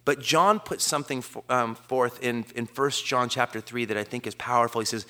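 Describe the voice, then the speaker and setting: A man delivers an impassioned sermon to his congregation in a bright, forceful voice. He slows to stress key lines and lets his declarations build. His pitch sits in a middle range for a man. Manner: builds to emphatic, slowed declarations; quotes scripture in a measured cadence. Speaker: pastor.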